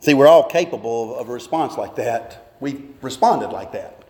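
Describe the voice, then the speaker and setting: A man's voice: mid-range voice, expressive, normal speed, dark tone. A man preaching as pastor, reading scripture and pressing his listeners with earnest rhetorical questions. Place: church sanctuary. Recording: long reverb of a church hall.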